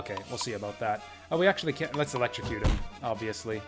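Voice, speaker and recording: A man's voice: fairly low pitch, fast, hardly any pauses, over music. A man chatting casually and rambling as he streams a video game. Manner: chatty, rambling, laughs often.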